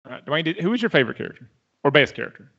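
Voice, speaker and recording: Animated man hosting a podcast. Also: fairly high pitch, rapid-fire, creaky, slightly rough. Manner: animated, leads the segments. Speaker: podcast host. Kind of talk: casual chat. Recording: dull lo-fi recording.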